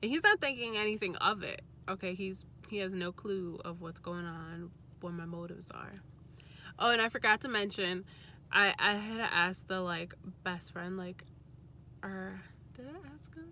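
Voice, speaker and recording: A young adult woman vlogger telling a story in a casual, chatty way, candid and quick to swear. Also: mid-range voice, sharp tone, a little hiss or hum.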